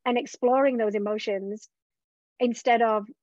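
A woman's voice: a little high, steady tone, a little slow, a little mellow, no room sound. A woman business coach being interviewed, talking openly and reflectively about her own journey, often voicing her own past thoughts aloud. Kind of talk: candid conversational interview. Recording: dull, dry lo-fi recording.

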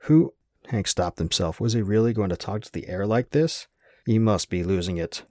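A man narrating an audiobook in a steady, wry storytelling manner. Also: lowish voice, normal speed, no echo, clean studio sound.

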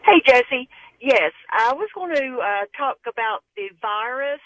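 A woman's voice: fairly high pitch, lively intonation, a little slow, no echo. A woman from Tennessee with a Tennessee accent, calling into a radio show earnestly over the phone. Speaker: caller. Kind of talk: call-in radio comment. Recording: tinny phone line.

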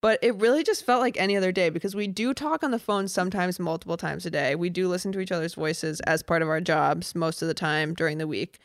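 A young woman co-hosting a podcast from a home setup, in casual chat full of quick jokes and asides. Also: lowish voice, dry recording, studio quality. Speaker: podcast co-host.

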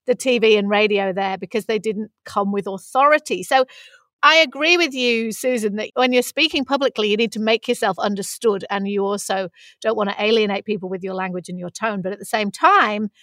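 A woman's voice: medium pitch, brisk, a bit bright, no room sound, clean studio sound. A woman from England with a Mancunian-tinged English accent, co-hosting a casual chat and thinking aloud as she talks. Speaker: podcast co-host.

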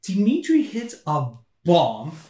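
A man co-hosting a podcast, casually chatting and telling animated stories, acting out what people said. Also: high-pitched, slow. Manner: animated storyteller, acts out quotes. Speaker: podcast co-host. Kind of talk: casual chat, storytelling. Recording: echoey room, distant mic.

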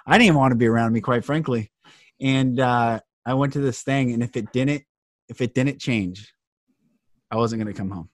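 Male podcast host, earnest and impassioned, mid-range pitch, dry recording. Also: moderate pace, no room sound. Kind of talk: heartfelt podcast conversation.

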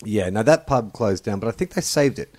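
A man's voice: fairly low pitch, animated, brisk, darkish tone, no room sound. An Australian man hosting a podcast, chatting casually and trading jokes. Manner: jokey, playful banter. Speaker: podcast host. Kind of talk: casual chat.

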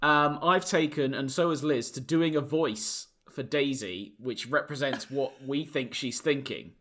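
A man's voice: medium pitch, measured pace, a bit bright. A man co-hosting a casual comedy podcast, laughing often and slipping into silly voices for his dog. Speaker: podcast co-host. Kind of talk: casual chat.

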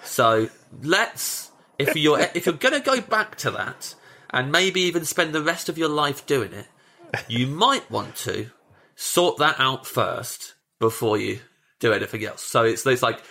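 A man's voice: mid-range voice, very animated, a little slow, creaky, bright, forceful tone. A man, a comedian on a podcast, chatting animatedly and acting out his own thoughts as he rambles. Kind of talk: casual chat.

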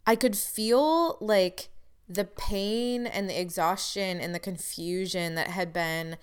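A woman's voice: mid-range voice, takes it slowly, clean tone. A woman telling a personal story in a candid, frustrated way, with wry asides.

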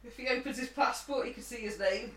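A woman's voice: fairly high pitch, fast, fairly bright tone. A woman co-hosting a podcast, chatting casually with wry questioning asides. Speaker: podcast co-host. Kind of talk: casual chat. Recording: roomy echo.

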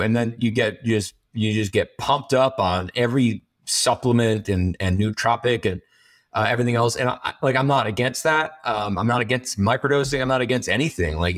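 A man speaking as an interview guest, frank and rambling, swearing freely and restarting his sentences often. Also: on the low side. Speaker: guest entrepreneur. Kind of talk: candid conversational interview.

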